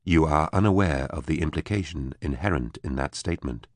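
A man voicing an alien speaking through a neutral synthesized voice, flat and without inflection. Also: very deep voice, fairly quick, no echo, pitched below the performer's own voice.

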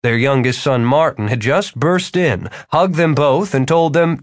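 A male narrator reading a fantasy audiobook with expressive storytelling. His pitch rises and falls a lot, sitting mid-range for a man. The sound is dry and close, with no room around it. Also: moderate pace, few pauses, no echo. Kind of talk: scripted narration.

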